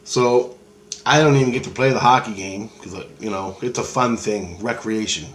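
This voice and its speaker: A man's voice: lowish voice, moderate pace, a little hiss or hum. Rambling man recounting a dream. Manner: loose, rambling and profane, with many restarts. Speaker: vlogger.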